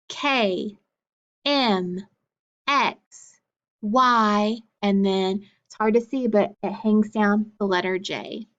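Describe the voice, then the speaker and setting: A woman's voice: medium pitch, a bit bright. A woman teaching a phonics lesson to young children, drawing out letters and syllables in a patient teacher voice. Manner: slow, drawn-out teacher talk, exaggerated syllables. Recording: dull lo-fi sound.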